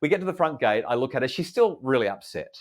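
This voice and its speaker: A middle-aged Australian man, a parenting expert, calmly and earnestly telling a family story in an interview. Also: medium pitch. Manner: calm, earnest, measured retelling.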